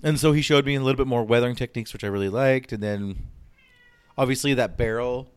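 A man's voice: medium pitch, fast talker, clean tone, no echo. A man chatting casually as a podcast co-host, rambling and swearing freely. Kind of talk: casual chat.

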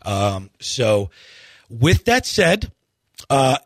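A husky man on a dry-sounding radio studio mic, pleading with listeners in an earnest, rambling rant. His pitch swings widely as he presses his point, stumbling and restarting as he goes. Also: sing-song, very slow, dry recording. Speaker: golf radio show host.

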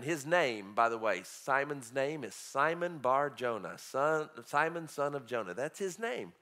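A man preaching a sermon in a conversational, animated way, chuckling now and then. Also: mid-range voice, a little slow, hardly any pauses.

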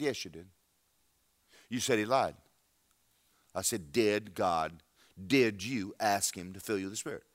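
A man preaching a sermon, telling a story with acted-out dialogue and building to loud exhortation. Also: medium pitch, no room sound, studio quality.

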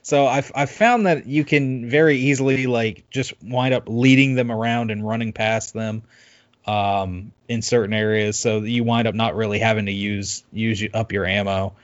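Rambling man with muffled sound. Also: medium pitch. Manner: rambling, halting, many fillers and restarts. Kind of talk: casual chat recapping a video game.

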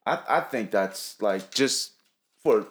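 A man's voice: on the low side, expressive, takes it slowly. A man co-hosting a podcast, talking in a laid-back, casual way. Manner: laid-back, says "you know what I'm saying". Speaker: podcast co-host. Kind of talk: casual chat.

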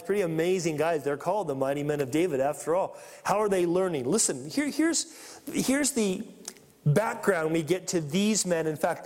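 A pastor with a high voice preaches a sermon, reading scripture aloud and animatedly acting out the story's characters. A long, echoing hall reverb makes his voice ring out.

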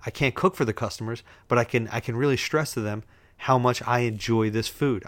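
A man's voice: mid-range voice, fairly quick, a bit bright. A man hosting a show, telling rambling, self-amused stories in a casual way, chuckling as he goes. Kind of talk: casual storytelling.

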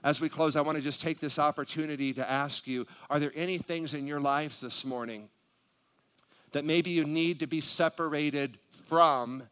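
A man's voice: on the high side, fairly bright tone. A middle-aged male pastor preaching a sermon, reading scripture aloud and then pleading with the congregation in prayer-like appeals. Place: church sanctuary.

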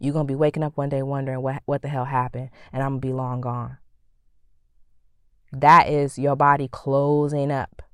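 A low-pitched woman hosts a faith-centered motivational podcast, speaking in a lively, preacherly way and slipping into playful, sassy asides. Her voice is recorded close and dry, with no room sound. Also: normal speed, smooth, dry recording. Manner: animated, preacherly, acts out quoted thoughts with playful sass. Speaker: podcast host. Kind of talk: faith-based motivational talk.

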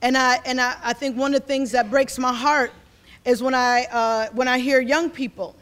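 A woman's voice: sits high, steady tone, moderate pace, a bit bright. A woman in her forties, a community organizer, speaking to an audience in a fervent, rambling way and repeating herself as she builds. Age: 40s. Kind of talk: impassioned speech to an audience.

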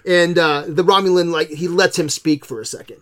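Casual podcast host, man, higher register, swears freely, quick to laugh. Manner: profane, animated, laughs often. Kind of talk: casual film chat.

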